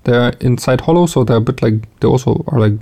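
A man who speaks natively, co-hosting a podcast in casual chat, relaxed and chuckling, with lots of fillers and restarts. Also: mid-range voice, fast talker. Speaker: podcast co-host.

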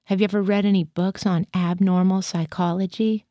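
A woman's voice: mid-range voice, flat delivery, normal speed, warm tone, no room sound, muffled recording, close to an everyday voice. A woman reading the part of a skeptical male military psychiatrist who questions his patient in a probing, dry way. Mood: questioning.

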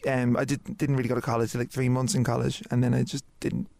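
A man's voice: mid-range voice, level tone, vocal fry, a little mellow. A man in his twenties with a Dublin Irish accent, telling stories as a podcast guest in casual, swear-laden chat. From Ireland. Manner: rapid, swearing, laughing storyteller. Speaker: guest singer.

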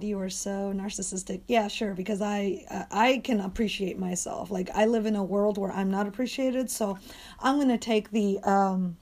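A woman's voice: medium pitch, dark tone. Profane, rambling young woman podcaster. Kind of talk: casual rambling monologue.

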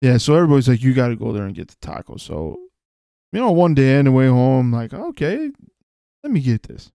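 A man's voice: mid-range voice, big pitch swings, fairly quick, vocal fry, mellow, smooth, no room sound. Laid-back man on a dry mic. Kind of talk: casual chat.

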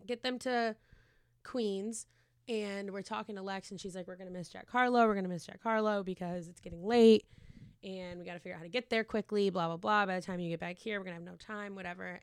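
A woman's voice: medium pitch, clean tone, no echo, studio quality. A young woman in her twenties telling a long, rambling story in casual chat, swearing freely and acting out quotes.

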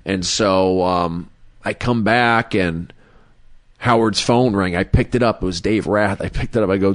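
A man's voice: deep voice, a little slow, no echo. A man, a comedian guest, telling a personal story in a casual, rambling way with many fillers and restarts. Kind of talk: casual storytelling in a podcast interview.

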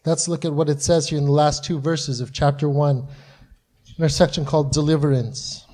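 A man with a high voice preaching to his congregation. He talks earnestly and acts out the quoted voices in the stories he retells. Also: fairly even intonation, moderate pace, a little mellow. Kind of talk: sermon.

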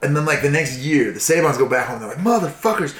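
A man's voice: mid-range voice, fast, a bit bright. Tipsy man rambling through history, roomy echo. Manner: profane, rambling, acts out voices. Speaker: storyteller in casual chat. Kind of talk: casual drunken history chat.

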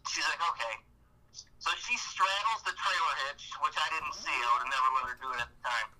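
A man from Ohio spins a casual story on a podcast, with animated acted-out quotes. His voice sits a little high and is very bright and cutting. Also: fairly quick, low-quality recording. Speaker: guest hunter.

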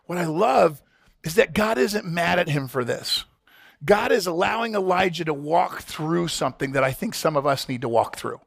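A male pastor preaching with passion, hammering key phrases again and again as he speaks straight to his congregation. His voice sits high and comes out husky, with a dry, close sound. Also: animated, normal speed, a bit bright, no room sound. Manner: passionate, repetitive, direct address to congregation. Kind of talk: sermon.

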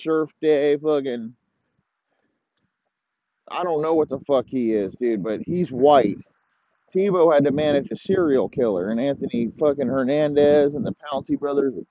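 A man's voice: on the high side, dry recording, lo-fi sound. A man hosting a podcast, ranting profanely and rambling in heated complaint. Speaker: podcast host. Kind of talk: profane casual rant.

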